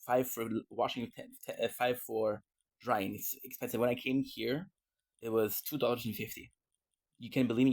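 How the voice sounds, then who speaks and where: A man's voice: on the low side, vocal fry. A man vlogging in a casual, rambling way, often restarting and repeating words. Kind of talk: casual rambling livestream talk.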